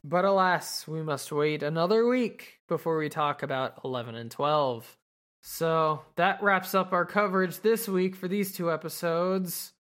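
A woman's voice: lowish voice, a little slow. A woman podcast host casually recapping an anime episode, rambling and swearing with lots of fillers.

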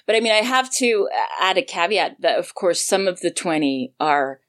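A woman with a low voice chats as an interview guest. She gushes with enthusiasm and fills her talk with ums and uhs. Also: animated, normal speed. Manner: enthusiastic, gushing; many fillers. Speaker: voice actor guest. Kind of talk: casual interview chat.

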